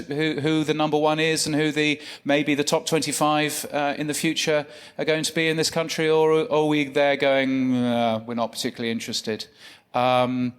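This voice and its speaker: A man's voice: on the high side, clear, resonant tone. A man co-hosting a live podcast news show, chatting with lots of ums and restarts. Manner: chatty, many fillers and restarts. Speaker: podcast co-host. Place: live event stage.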